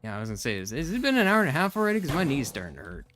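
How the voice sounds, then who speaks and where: A man's voice: a little high, wildly swooping pitch, racing, fairly bright tone, soft background music. A young man streaming a game, chatting casually and venting in a rambling, frustrated way with lots of fillers. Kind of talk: casual live-stream chat while gaming.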